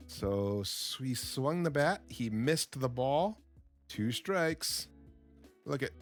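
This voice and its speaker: A man giving a slow, simple English lesson as a voice-over on game footage, repeating words and reacting with excitement to the action. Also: mid-range voice, faint music behind. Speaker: English teacher.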